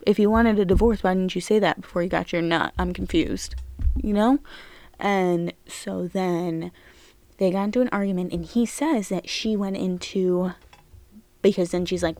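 A young woman hosting a casual true-crime podcast, chatty and animated, swearing often as she retells events. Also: on the low side, unhurried, no room sound. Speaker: podcast host.

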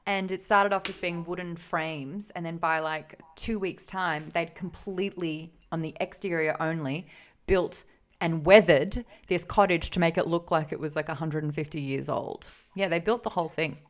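An Australian woman in her thirties, a podcast guest, telling animated anecdotes and laughing often in casual chat. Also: on the low side, moderate pace.

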